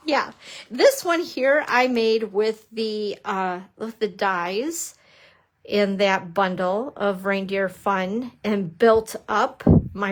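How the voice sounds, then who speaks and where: A middle-aged woman demonstrating papercrafting on a live stream, chatty and bubbly, teasing herself and greeting viewers. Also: mid-range voice. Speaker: papercrafting instructor.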